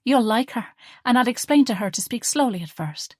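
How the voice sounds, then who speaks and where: A woman's voice: a little high, expressive, fairly quick, no echo, pitched above the performer's own voice. Female reader as young woman student in love, earnest and pleading, raised voice, dry close audiobook sound.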